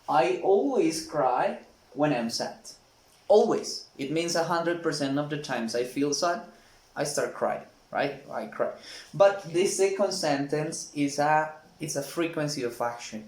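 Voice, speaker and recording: A male teacher explains English grammar patiently, repeating each example sentence slowly. His voice sits slightly high for a man. It is recorded in a room with a noticeable echo. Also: darkish tone. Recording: echoey room.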